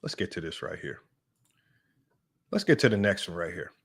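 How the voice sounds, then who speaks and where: A man's voice: low-pitched, big pitch swings, normal speed, a bit bright, slightly rough. A man hosting a sports debate show, reading statistics aloud and taunting his critics in a combative, mocking way. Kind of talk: reading stats and ranting to viewers.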